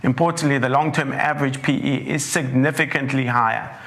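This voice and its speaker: A man, a portfolio manager with a croaky, hoarse throat, giving a measured webinar presentation that walks through charts. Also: mid-range voice, fairly even intonation, fairly bright tone. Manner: measured, leans on "importantly", walks through slides.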